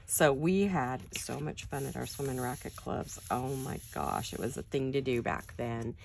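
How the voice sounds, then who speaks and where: Raspy-voiced woman chatting while crafting. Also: extremely low pitch, normal speed, slight background noise. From California. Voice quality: raspy early morning voice. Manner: quiet, chatty, addresses viewers directly. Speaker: crafting channel host. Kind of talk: casual crafting chat. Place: home craft studio.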